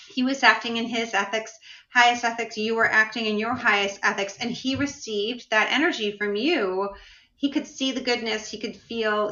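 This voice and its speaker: A woman's voice: a little high, pushed and bright. A woman coach and host talking animatedly about energy in a casual video call chat. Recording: muffled echoey video call audio.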